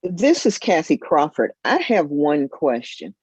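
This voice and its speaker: Woman, board member, very slow careful question, muffled lo-fi sound. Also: low voice, sing-song, darkish tone, husky, no echo. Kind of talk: question at a hearing. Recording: dull lo-fi line.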